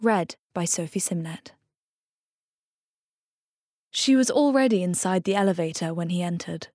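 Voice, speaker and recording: Woman narrating a novel, measured, lowish voice, dry studio sound. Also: no echo. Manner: measured, even storytelling. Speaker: audiobook narrator. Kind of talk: scripted audiobook narration.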